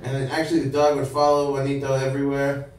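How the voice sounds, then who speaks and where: Chatty comedian in an echoey hall. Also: male voice, mid-range voice, completely flat delivery, fast, background noise. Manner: chatty, laughs at own jokes, small restarts. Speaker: stand-up comedian. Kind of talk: stand-up storytelling. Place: event hall with live audience. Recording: echoey hall, distant mic, audience laughter.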